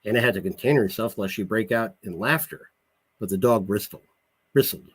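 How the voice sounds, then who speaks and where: A male author reading his own novel aloud in an expressive storytelling manner, with a husky voice. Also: lowish voice, normal speed, poor audio.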